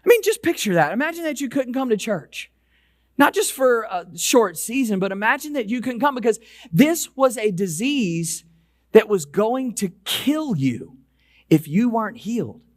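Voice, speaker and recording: High-voiced pastor preaching a sermon. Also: male voice, very animated, no echo, clean studio sound. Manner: slows and lowers voice for emphasis; conversational preaching with repeated restarts. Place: church sanctuary.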